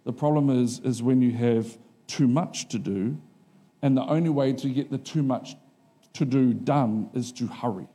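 A man's voice: normal speed, slightly rough. A middle-aged male pastor preaching a sermon in a casual, conversational way, often asking the congregation if they are following him. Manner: acts out quotes in a higher animated voice.

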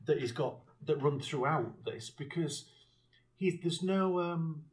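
A man's voice: fairly high pitch, slow pace. A man co-hosting a podcast, recapping a film in casual chat, rambling with restarts and occasional chuckles and swearing. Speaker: podcast co-host.

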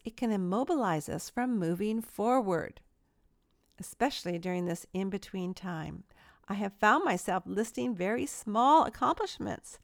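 A woman's voice: medium pitch, creaky, dry recording, studio quality. A middle-aged woman giving an earnest, self-deprecating devotional talk, full of small stories from home. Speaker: Christian speaker.

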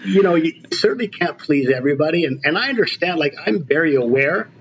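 Animated veteran male basketball coach. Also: fairly high pitch, quick pace, dull audio, slight background noise. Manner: animated, emphatic storyteller. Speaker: basketball coach, podcast guest. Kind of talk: casual storytelling interview.

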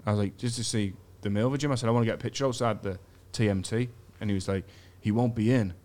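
A man's voice: on the low side, very fast, darkish tone. A man from England, telling crude, sweary stories on a podcast and acting out other people's lines. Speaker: podcast guest. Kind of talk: storytelling in casual chat. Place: podcast studio.

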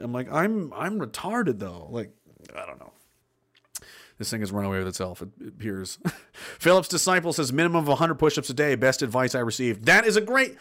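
A man's voice: fairly high pitch, fairly bright tone. A man hosting a livestream, reading out chat comments and giving blunt, profane, rambling motivational talk. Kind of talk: casual motivational rant.

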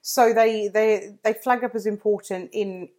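A woman, co-hosting a podcast in casual chat, talking in quick bursts with frequent restarts. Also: medium pitch, steady tone, a little mellow. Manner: chatty, laughs often, restarts sentences. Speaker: podcast co-host.

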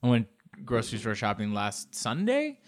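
A young man delivering a profane, animated comic monologue, acting out bits in high put-on voices. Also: normal speed. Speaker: comedian. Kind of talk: stand-up style comic monologue.

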